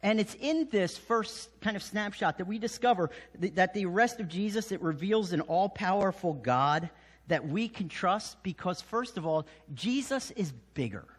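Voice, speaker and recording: A man preaching a sermon as pastor, telling the story with lively acted voices and sudden hushed drops. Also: sits high, normal speed, big-room sound. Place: church sanctuary.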